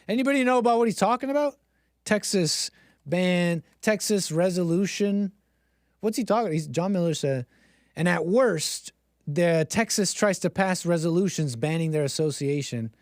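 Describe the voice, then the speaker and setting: Male livestream host, rambling sarcastic commentary, slightly high voice, dry close mic. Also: expressive, normal speed, darkish tone, no echo. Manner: rambling, sarcastic, mocks others with exaggerated gasps.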